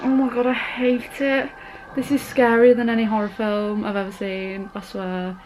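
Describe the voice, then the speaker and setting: A woman's voice: fairly high pitch, level tone, moderate pace, darkish tone, soft background music, poor audio. A young woman talking through a scary film as a vlogger, gasping, squealing and chatting in a casual reaction vlog.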